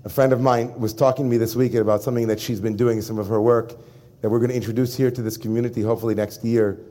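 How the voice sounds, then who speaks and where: A man who is a rabbi, delivering an animated sermon and speaking directly to his congregation. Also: mid-range voice, fast. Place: synagogue before a congregation.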